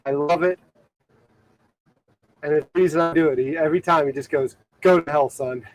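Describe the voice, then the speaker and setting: A man with a rather high voice talks to his live-stream viewers from the deck of a boat. He is from Ohio and speaks loosely, with plenty of fillers and easy laughter. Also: steady tone, fairly quick, low-quality recording. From Ohio, USA. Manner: rambling, filler-heavy talk with many "like"s and frequent laughter. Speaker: livestreaming boat vlogger. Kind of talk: casual live-stream chat. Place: outdoors on a boat on the water.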